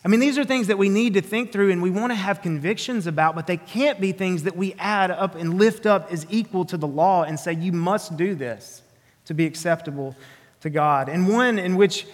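A man's voice: high voice, brisk, hardly any pauses, long reverb tail. A man with a Southern drawl preaching an earnest, emphatic sermon, often restarting his phrases. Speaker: pastor.

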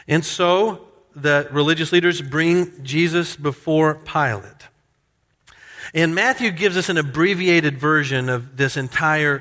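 A man's voice: a little high, pushed and bright, in a large hall. A man preaching a sermon as a pastor, explaining scripture and acting out quoted lines with emphasis.

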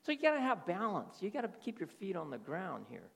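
A man's voice: high voice, wildly swooping pitch, fairly quick, gravelly, fairly bright tone. A middle-aged man preaching a sermon as pastor, often checking in with his listeners through rhetorical questions. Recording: reverberant hall.

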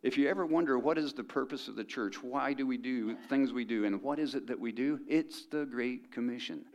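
A man's voice: mid-range voice, a little fast. A middle-aged man preaching a sermon as pastor, conversational and joking with the congregation.

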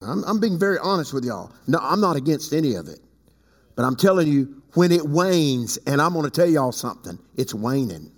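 A high-pitched man preaches a sermon as pastor, his voice ringing with long reverb through a large church hall. He swings between loud, soaring passages and hushed low asides. He calls on people in the pews by name. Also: sing-song, fairly quick. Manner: preaching with big swings from loud highs to quiet lows; talks to the congregation by name.

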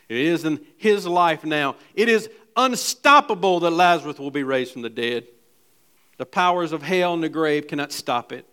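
Man preaching, loud and hushed by turns. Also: on the high side. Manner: reads scripture aloud. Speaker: pastor. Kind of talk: sermon.

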